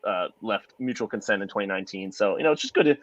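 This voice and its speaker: A man's voice: on the low side, expressive, dry recording, dull audio. A man hosting a casual sports podcast, joking and steering the talk from topic to topic. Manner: fast, jokey, leads the topics. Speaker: podcast host.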